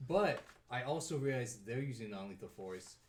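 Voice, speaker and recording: A man playing a tabletop game, chatting casually and thinking out loud about his moves. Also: mid-range voice, lively intonation, normal speed, roomy sound, slight background noise. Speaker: player.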